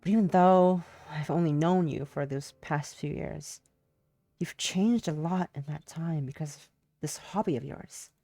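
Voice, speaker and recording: Brief: emotional live-stream player reading visual-novel lines, teary, outbursts; dry sound, soft music bed. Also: mid-range voice, measured pace, no room sound. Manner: emotional, tearful reactions and swearing outbursts. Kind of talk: live game stream, reading dialogue aloud.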